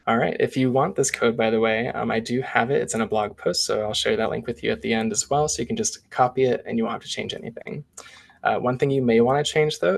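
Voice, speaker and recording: Male presenter with a gravelly voice, casually talking through a screen demo. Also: medium pitch. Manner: casual step-by-step walkthrough, chatty asides. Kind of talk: live software demo.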